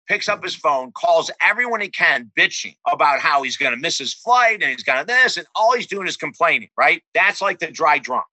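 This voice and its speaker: A man in recovery, a counselor and coach, telling stories in a relaxed interview and acting out the voices in them. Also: fairly high pitch, dry recording, low-quality recording. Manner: animated storyteller acting out quoted voices. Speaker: guest, counselor and life coach. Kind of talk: casual interview storytelling.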